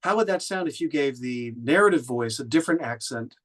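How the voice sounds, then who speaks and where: An audiobook narrator and director from Oklahoma, USA, gives conversational feedback in a thoughtful way, often restarting and using fillers. His mid-range voice is animated and fairly quick.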